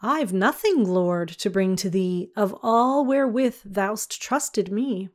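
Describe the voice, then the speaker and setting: A woman's voice: mid-range voice, animated, slow. A woman reading the pleading lines of a trembling servant who owes a great debt in a storybook poem. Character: trembling debtor servant, man, abject.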